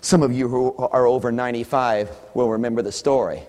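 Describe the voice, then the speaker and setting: A male preacher giving an animated sermon in a church, shouting for emphasis and mimicking congregants. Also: medium pitch, brisk. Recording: echoey hall with long reverb.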